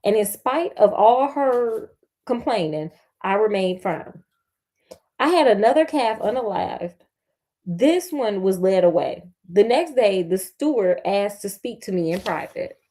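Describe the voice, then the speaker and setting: A woman's voice: medium pitch, expressive, a little slow, warm tone. A woman storyteller reading a fairy tale aloud and breaking off for sassy, slangy, playful asides. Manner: sassy, slangy, playful commentary between passages.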